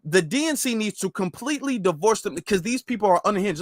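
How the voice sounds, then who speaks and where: High-voiced casual commentary host. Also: male voice, lively intonation, brisk, hardly any pauses, no room sound, clean studio sound. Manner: conversational, emphatic, addresses viewers as y'all.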